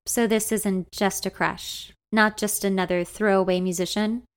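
A woman voicing a young man, an old friend who teases softly and sounds a little nervous. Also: medium pitch, fairly even intonation, normal speed, close to an everyday voice. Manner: soft, teasing, a bit nervous.

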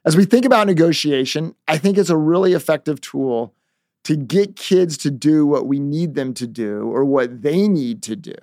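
Animated guy telling a story in a lesson, bit of fry, dry close sound. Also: fairly high pitch, dry recording. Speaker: negotiation coach.

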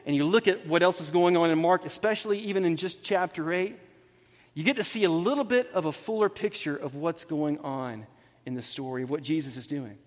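A man's voice: fairly high pitch, a little fast. Guy pastor preaching, acts out the bible dialogue, lots of life in it, echoey church. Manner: animated storytelling, acts out dialogue. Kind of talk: sermon. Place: church hall with congregation.

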